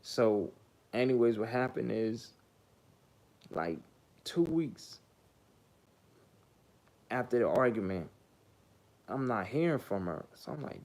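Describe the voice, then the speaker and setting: A man's voice: on the low side, animated, unhurried, long pauses, a little mellow. A man telling a casual story in a blunt, profane, rambling way, full of fillers. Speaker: vlogger.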